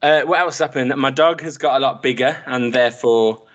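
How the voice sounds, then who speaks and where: A man co-hosts a podcast with his mates, joking and laughing through slangy banter. His voice sits at an ordinary mid pitch for a man. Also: moderate pace, lo-fi sound. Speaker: podcast co-host. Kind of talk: casual chat among friends.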